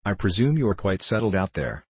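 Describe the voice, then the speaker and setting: Man reading as a reproachful wife, pleading, low voice, husky. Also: sing-song, normal speed, no room sound, exaggerated voice. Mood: polite. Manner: pleading, tearful. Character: anxious, reproachful middle-aged wife.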